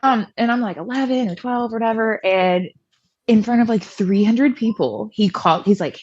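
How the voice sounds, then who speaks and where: A woman's voice: on the high side, moderate pace, a little mellow, husky, no echo, lo-fi sound. A young woman from the American South, chatty and self-deprecating, telling her personal story as a podcast guest and acting out past conversations.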